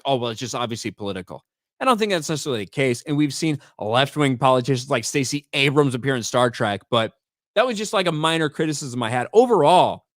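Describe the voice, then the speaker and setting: A man's voice: a little high, no room sound, clean studio sound. Blunt, profane male livestream host. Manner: blunt and profane, repeats words when starting sentences; reads chat names and donations aloud. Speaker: host of a live stream. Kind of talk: casual livestream commentary.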